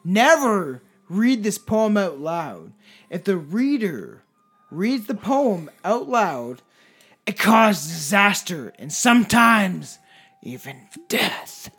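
A man's voice: high-pitched, sing-song, takes it slowly, a bit bright, slightly rough, soft background music. A man co-hosting a casual podcast, swearing and laughing often, and reading a creepy poem with dramatic flair. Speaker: podcast co-host. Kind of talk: casual chat and reading a legend.

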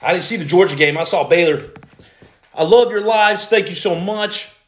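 Man, high lively voice, motivational livestream host, reads comments aloud, roomy echo. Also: normal speed. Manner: animated, greets viewers and reads comments aloud. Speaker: podcast host, former Navy SEAL.

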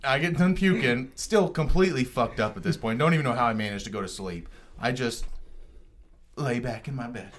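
A man's voice: mid-range voice, fairly quick. A young adult man telling a story in casual podcast chat, rambling, profane and self-mocking. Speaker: podcast co-host.

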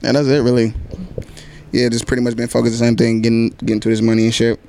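A young man co-hosting a podcast, rambling in a relaxed, slangy way. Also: mid-range voice, fast talker. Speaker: podcast co-host. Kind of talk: casual chat.

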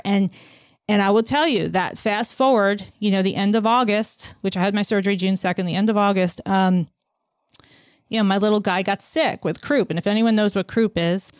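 A woman's voice: mid-range voice, a little fast, clear, resonant tone, no echo, studio quality. A woman in her forties hosting a podcast in casual chat, telling stories animatedly and acting out what people said. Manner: animated storyteller who acts out quotes. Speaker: podcast host.

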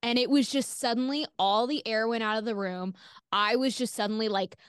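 A woman's voice: a little high, fairly quick, smooth, no room sound, studio quality. A woman guest on an interview podcast, telling a personal story candidly, swearing freely and filling her talk with "like". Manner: animated, acts out quoted voices.

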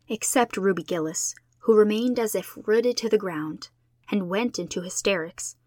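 Expressive woman reading a classic novel. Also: medium pitch, no room sound. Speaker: audiobook reader. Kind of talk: storybook narration.

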